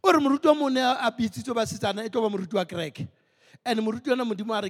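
High-voiced pastor preaching. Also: male voice, very fast, in a large hall. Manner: switches between Sesotho and English, emphatic. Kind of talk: sermon. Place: church.

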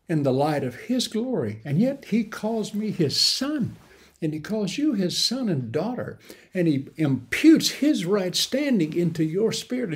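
A man preaching a sermon in an earnest way, with sudden emphatic rises and halting restarts. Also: fairly high pitch, darkish tone. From grew up in the mountains.

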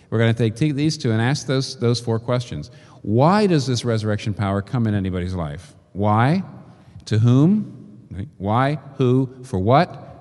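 A man preaching a sermon, working through rhetorical questions and slow, emphatic repetitions. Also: medium pitch, darkish tone. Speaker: pastor. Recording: long reverb of a large hall.

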